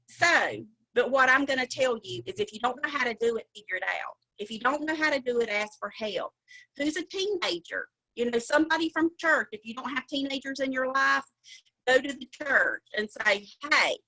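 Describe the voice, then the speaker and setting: A woman's voice: fairly high pitch, pushed and bright, poor audio. A middle-aged woman with a Southern drawl, giving a chatty, folksy sales training talk on a video call. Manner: chatty, folksy, laughs often. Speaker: sales director.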